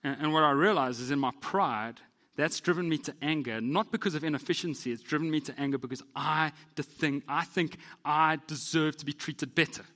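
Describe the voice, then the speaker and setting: A man, a pastor telling a story in a sermon in an animated, self-deprecating way. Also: on the high side, brisk, big-room sound.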